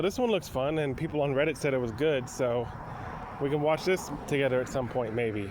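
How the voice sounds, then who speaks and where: A man's voice: mid-range voice, a little mellow, slight background noise. A man giving a casual, rambling movie review full of restarts and asides.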